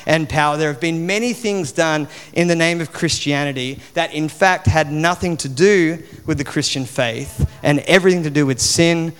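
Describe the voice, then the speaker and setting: A man gives a sermon in a loose, chatty way, dropping plenty of fillers as he goes. His voice is slightly high and notably smooth and resonant. It rings out with a long reverb from the hall around him. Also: normal speed, hardly any pauses, faint music behind. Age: 40s. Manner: conversational, chatty with many fillers. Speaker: preacher.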